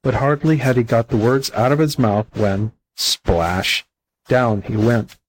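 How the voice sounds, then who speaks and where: Husky-voiced man reading a fable. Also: mid-range voice, unhurried, rough recording. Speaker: volunteer audiobook reader. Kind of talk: storybook narration.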